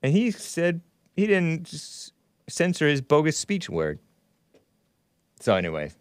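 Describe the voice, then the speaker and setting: A man's voice: fairly high pitch, huge pitch swings, a little slow, no echo. Rambling male livestream host, dry sound. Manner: rambling, laughs often, talks back to chat. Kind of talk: casual livestream commentary.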